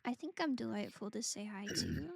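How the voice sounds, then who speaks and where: A woman's voice: mid-range voice, wildly swooping pitch, moderate pace, gravelly, noisy background. A woman streamer chatting casually and playfully while gaming, humming silly sing-song noises.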